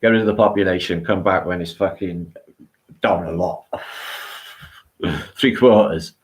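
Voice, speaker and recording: Guy ranting on his livestream, lowish voice, tired but fired up, lots of swearing and laughs. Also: measured pace. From Wales. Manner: excitable, swearing, laughing, chatty. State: tired from a long walk. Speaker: livestream host. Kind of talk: rambling live-stream monologue.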